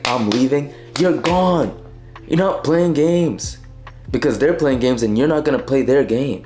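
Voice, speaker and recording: A young man with a fairly low voice tells a personal story in a casual, direct way, calling the listener "bro" as he drives home his advice. Soft guitar music plays faintly behind him. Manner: direct, emphatic, addresses viewer as bro. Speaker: self-improvement vlogger.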